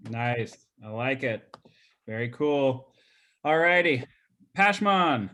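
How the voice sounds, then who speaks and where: A man's voice: mid-range voice, expressive, slow, a bit bright. A man coaching real estate agents on a group video call, talking loosely with lots of fillers and repeated words.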